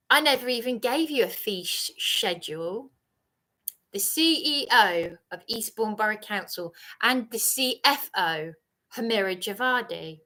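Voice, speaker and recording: A woman's voice: medium pitch, lively intonation, unhurried, bright, forceful tone. A woman ranting angrily on a livestream, accusing and repeating herself. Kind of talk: angry livestream rant.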